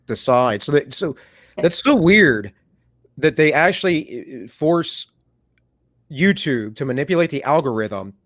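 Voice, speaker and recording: A man's voice: on the high side, animated, measured pace, fairly bright tone, no room sound, studio quality. A man hosting a casual livestream chat, talking in a loose, rambling way and often correcting himself mid-sentence. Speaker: stream host.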